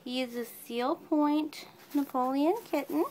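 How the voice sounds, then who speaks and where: High-voiced woman baby-talking her kitten. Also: unhurried, a little hiss or hum. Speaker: cat breeder. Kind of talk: casual pet video chat.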